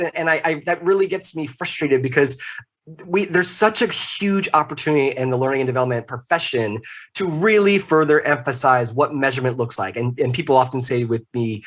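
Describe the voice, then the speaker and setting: A middle-aged man speaking as a podcast guest, animated and emphatic, with jokey asides. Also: mid-range voice, fairly quick. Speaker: podcast guest, leadership consultant. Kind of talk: casual interview talk.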